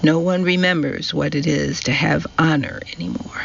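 A man reading the lines of a cold, scornful old woman in an audiobook, slow and hissing. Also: a little high, steady tone, vocal fry, highs cut off. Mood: stern.

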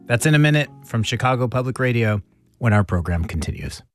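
A man hosting a radio program, reading credits and a teaser in an even, conversational way. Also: medium pitch, fairly quick, faint music behind. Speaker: radio show host. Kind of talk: scripted radio announcing.

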